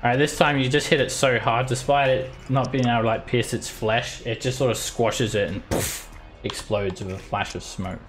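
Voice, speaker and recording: A man narrating as dungeon master, halting with many fillers. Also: medium pitch, steady tone, over music. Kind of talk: narrating a tabletop game.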